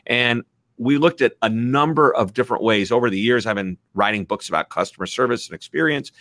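Bright, enthusiastic Midwestern man. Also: mid-range voice, fairly quick, dry recording. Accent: American Midwest. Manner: enthusiastic, animated. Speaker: author and guest speaker. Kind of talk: energetic interview talk. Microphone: video call.

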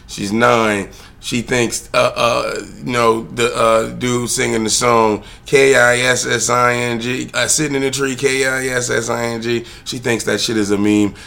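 Gravelly man ranting profanely. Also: medium pitch, flat delivery, measured pace. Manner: swears freely, digresses, rants loudly at times. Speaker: father talking to camera. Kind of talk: rambling profane storytelling monologue.

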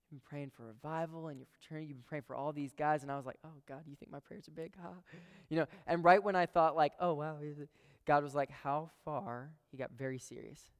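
A man's voice: fairly high pitch, a little fast, smooth. A young man preaching a sermon, telling a story and talking earnestly to the crowd. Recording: long hall reverb.

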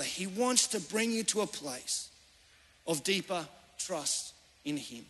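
Pastor guy preaching, earnest storytelling, sharp tense tone. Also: high-pitched, lively intonation, slow, slightly rough. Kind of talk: sermon. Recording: reverberant church hall.

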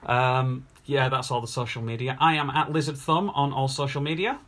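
A man's voice: mid-range voice, fairly even intonation, normal speed, fairly bright tone. A man hosting a podcast in casual chat, running a quiz in a dry, joking manner.

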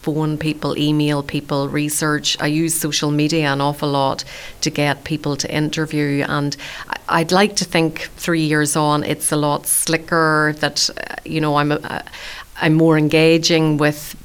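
Low, smooth-voiced woman. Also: level tone, measured pace. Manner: chatty, warm-humoured and self-deprecating. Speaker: community radio food show presenter. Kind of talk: relaxed storytelling in an interview.

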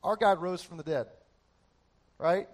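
A man preaching a sermon as pastor, animated and joking, building emphasis through lists. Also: high voice, unhurried. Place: church.

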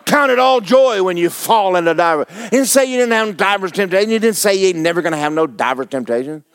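A pastor preaching a folksy, playful sermon to his congregation, now and then breaking into shouted praise. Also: sits high, expressive, fast talker, clean tone, no echo, studio quality. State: injured foot, sitting while preaching.

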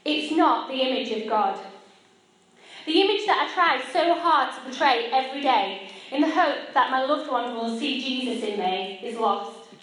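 A woman's voice: high voice, a bit bright. A woman in her thirties giving a personal faith talk at a church gathering, chatty and self-deprecating as she speaks straight to her audience. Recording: echoey hall picked up from a distance.

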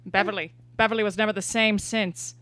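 A woman's voice: medium pitch, fairly even intonation, a little fast, a bit bright, no echo, natural voice. Woman playing a fussy, stern old farm dad. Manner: lecturing, dramatic warnings. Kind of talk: improv scene acting.

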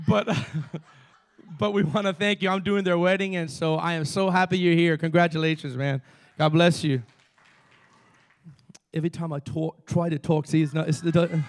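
Energetic Cuban man preaching. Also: on the high side, moderate pace, pauses often. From Cuba. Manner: energetic call-and-response preaching. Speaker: pastor. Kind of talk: sermon. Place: church sanctuary.

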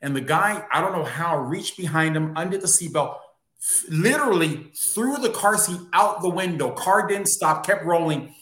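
A man's voice: on the high side, expressive, moderate pace, fairly bright tone. A man, a guest on a talk show, earnestly telling a personal story. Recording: roomy echo on his voice.

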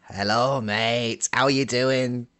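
A comedy host who trips over his own words, repeating himself and bluffing his way along. He has a medium-pitched male voice and a boastful, blustering manner. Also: fairly even intonation, slow pace, a bit bright, a little hiss or hum. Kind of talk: improvised comedy chat.

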